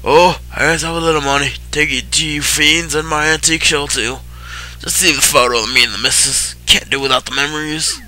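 A man's voice: fairly high pitch, steady tone, a little fast, pushed and bright, pitched above the performer's own voice. Man putting on a fussy old turtle villager. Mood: fearful. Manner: dramatic, indignant, old-timer phrasing. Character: fretful suspicious old male Koopa turtle villager. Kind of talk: voicing game dialogue during a let's play.

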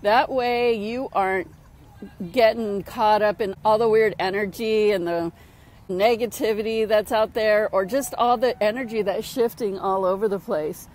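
This middle-aged woman mentor speaks to camera outside as the sun sets, upbeat and casual, leaning on repeated phrases to drive points home. Her mid-range voice has a darkish tone, fairly even intonation and a slightly slow pace.

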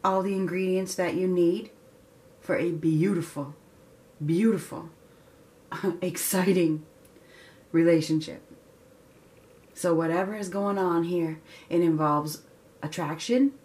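A woman giving a casual tarot reading, chatty and excitable, laughing often and filling pauses with ums. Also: on the low side. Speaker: tarot reader.

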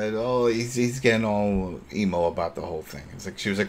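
A man's voice: lowish voice, brisk. A man co-hosting a podcast, retelling scenes in casual chat and acting out the characters' lines as he goes. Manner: animated, acts out characters' lines while retelling. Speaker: podcast co-host.

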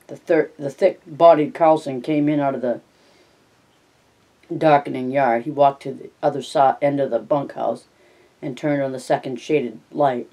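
Man, novel read-aloud, dark mellow voice, unhurried, self-correcting. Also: mid-range voice, fairly even intonation, recorded from a distance, rough recording. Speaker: reader.

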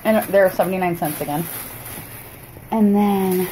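A woman with a warm, mid-range voice records a shopping haul vlog in her cluttered home, with a little hiss or hum in the audio. Chatty and apologetic, she rambles along, often pausing and starting over.

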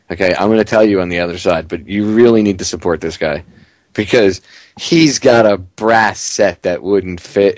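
A man hosting a talk radio show, giving excitable, indignant commentary and reading a story aloud with chuckles. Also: low voice, dry recording.

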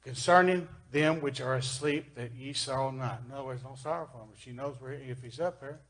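A man with a Southern US accent preaching a sermon in church, folksy, reading scripture and swinging between loud emphasis and quiet asides. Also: mid-range voice, brisk. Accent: Kentucky Southern US.

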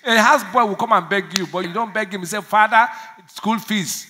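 A man's voice: high-pitched, a little fast, background noise. A man preaching a sermon as pastor, laughing often and calling out for the congregation to answer back. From Nigeria. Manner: laughing, call-and-response preaching; acts out prayers in small voices.

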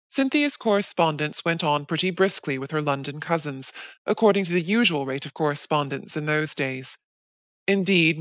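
A woman narrating a classic novel for an audiobook in a measured, even reading. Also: deep voice, no room sound, studio quality.

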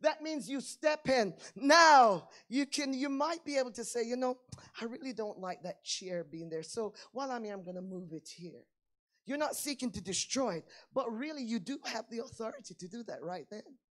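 A woman preaching a sermon, swinging between hushed lines and loud emphatic ones, acting out little everyday dialogues. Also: a little high, expressive, normal speed. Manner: acts out little dialogues in plain voices.

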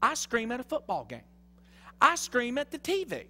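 High, bright-voiced Southern preacher shouting. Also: male voice, huge pitch swings, moderate pace, big-room sound. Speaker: pastor. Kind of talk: fiery sermon. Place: church sanctuary.

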